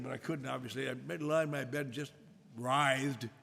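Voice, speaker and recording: An older man telling a self-mocking story to an audience at a recovery meeting, with a wry, drawn-out delivery. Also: fairly high pitch, vocal fry, fairly bright tone. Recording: echoey hall with faint noise.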